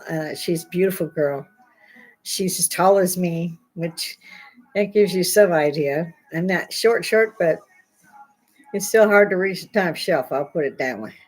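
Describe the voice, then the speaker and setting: Chatty older woman, low-pitched. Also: measured pace. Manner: rambling, chatty, laughs often; blunt, swears casually. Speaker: livestream host. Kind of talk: casual live chat. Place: home, indoors.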